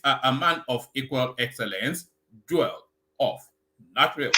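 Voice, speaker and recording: A man's voice: mid-range voice, moderate pace, pushed and bright. A man hosting a live call-in discussion, jovial and easygoing, stumbling over restarts as he moderates. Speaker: host of a live call-in show.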